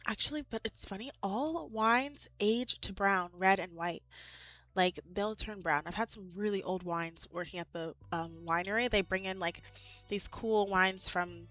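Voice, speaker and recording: A young woman in her twenties chatting casually with her live chat as a streamer, animated and full of "like"s and laughs, a bit out of breath. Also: medium pitch, unhurried, no echo, faint music behind.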